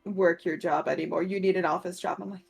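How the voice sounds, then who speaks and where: A woman's voice: fairly low pitch, fairly even intonation, quick pace, creaky, breathy edge, faint music behind. A woman player in a tabletop role-play, chatting casually in an earnest, encouraging way.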